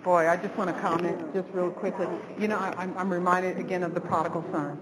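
A woman's voice: lowish voice, level tone, fast, noisy background. Woman commenting in Bible class, affirming tone, reverberant room.

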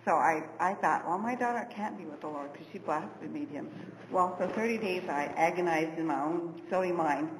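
A woman with a fairly low voice tells a personal faith story in a heartfelt, earnest way. She sounds roomy and distant, as if in a hall with a long reverb. Steady background noise runs under her voice. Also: moderate pace. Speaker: class member sharing testimony. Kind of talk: personal faith testimony in a Bible class.

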